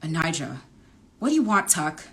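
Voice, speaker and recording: A woman reading the lines of a sharp-tongued young college woman in a romance novel, snippy and sarcastic. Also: sits low, sing-song, moderate pace, full character voice. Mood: annoyed. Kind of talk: romance novel read-aloud.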